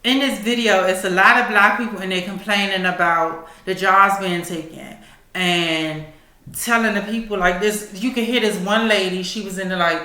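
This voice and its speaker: Bright-voiced chatty woman from D.C. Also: medium pitch, moderate pace, echoey room. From Washington, D.C. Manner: profane, chatty, laughing. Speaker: podcast host. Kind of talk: casual commentary.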